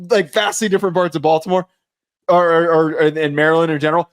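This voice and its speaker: Co-host: young American man, slightly high-pitched, loud and excitable, casual sports chat. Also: fast. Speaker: podcast co-host.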